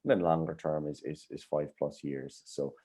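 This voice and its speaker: A man co-hosting a podcast, calmly explaining and agreeing in a measured, explanatory way. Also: very deep voice. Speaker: podcast co-host. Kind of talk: casual podcast chat.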